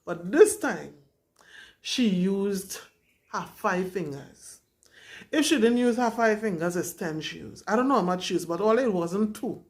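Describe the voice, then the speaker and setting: A young woman, candidly and dramatically retelling her own story to camera as a vlogger. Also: medium pitch.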